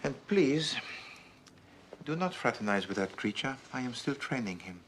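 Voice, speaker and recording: An actor playing a vain, fastidious middle-aged Belgian detective with a Belgian French accent, speaking precisely and a little pompously in a period TV drama. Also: male voice, mid-range voice, big pitch swings, background noise, close to an everyday voice. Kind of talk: 1980s-90s TV period drama acting. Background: background score.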